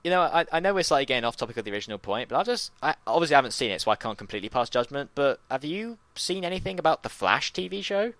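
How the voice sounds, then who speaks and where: A man co-hosting a casual pop culture chat, chatty and quick to mock with little put-on voices. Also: fairly high pitch, big pitch swings, a bit bright, dry recording. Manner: chatty, slips into mocking voices for quotes. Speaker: podcast co-host.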